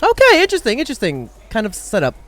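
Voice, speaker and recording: Excitable young man with a lively voice. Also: very high-pitched, fast talker, faint music behind. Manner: excited, chatty, slangy. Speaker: reaction streamer. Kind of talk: casual live-stream reaction chat.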